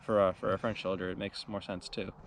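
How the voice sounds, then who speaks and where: A man's voice: sits low, flat delivery, fast, very noisy. A man chatting casually on camera in an outdoor trench, rambling and self-deprecating. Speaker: fellow reenactor, guest.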